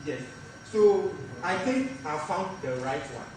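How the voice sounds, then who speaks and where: Man in the audience, hesitant, high voice, far off mic, very echoey, noisy hall. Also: sing-song. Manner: hesitant, halting with restarts. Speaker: audience member asking a question. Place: large hall. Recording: distant, echoey hall with noise.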